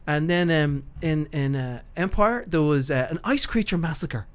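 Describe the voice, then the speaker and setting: A man's voice: a little high, normal speed, smooth. A man hosting a podcast in casual, rambling chat, swearing freely and laughing easily. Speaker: podcast host.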